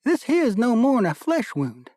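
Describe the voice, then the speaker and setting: A man voicing a stout, boastful young corporal who speaks in rough backcountry dialect. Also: extremely high pitch, wildly swooping pitch, moderate pace, darkish tone, dry recording, clean studio sound, pitched above the performer's own voice, full character voice. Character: stout boastful one-armed male corporal.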